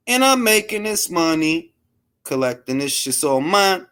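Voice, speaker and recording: A man's voice: a little high, big pitch swings, a little slow, bright, forceful tone, clean tone. Brash trash-talking male stream host. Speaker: boxing talk show host. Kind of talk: casual live-stream chat.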